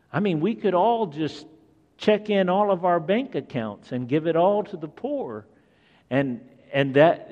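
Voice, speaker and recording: Slow-talking preacher in an echoing hall. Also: male voice, fairly high pitch, a little mellow, muffled recording. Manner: conversational, asks the listeners questions. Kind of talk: sermon. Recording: long echoing hall reverb.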